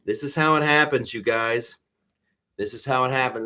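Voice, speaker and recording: A man hosting a casual live stream, talking in a rambling and exasperated way. He stops and restarts his sentences a lot and keeps breaking off to read viewer comments. His voice sits in an ordinary middle pitch. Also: normal speed, bright, forceful tone. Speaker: host. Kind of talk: live-stream political commentary reading chat.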